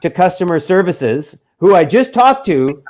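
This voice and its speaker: A man talking in a casual interview, spinning a story with lots of energy and switching voices to act out what other people said. His voice sits a bit higher than most men's, and he drops a swear word here and there. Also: unhurried. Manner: animated, acts out quotes, swears freely. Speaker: musician guest.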